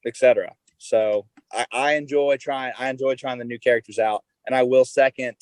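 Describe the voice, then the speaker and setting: A man co-hosting a casual gaming podcast, speaking in a measured way that restarts phrases. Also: mid-range voice, steady tone, a little mellow, dry recording, low-quality recording. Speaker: podcast co-host.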